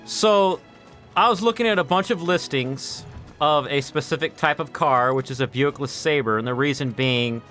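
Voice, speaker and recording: A man streaming a game while telling a long, rambling story in casual chat, with quick asides to his viewers. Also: fairly high pitch, fairly bright tone. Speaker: gaming streamer. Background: faint game music.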